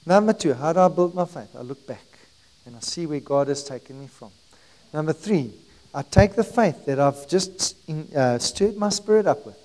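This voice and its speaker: A man preaching a sermon as pastor, emphatic and rising in volume, slowing on key phrases. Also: a little high, darkish tone, low-quality recording.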